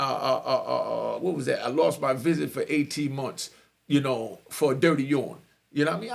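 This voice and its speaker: A middle-aged man telling his own story casually, slangy and animated, often asking if you get him. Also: mid-range voice, gravelly. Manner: animated, slangy, keeps asking "you know what I mean".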